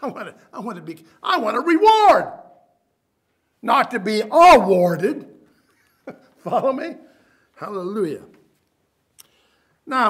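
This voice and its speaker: A man preaching a sermon, swinging between loud emphatic bursts and quiet asides, using Hebrew names for biblical terms. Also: high-pitched.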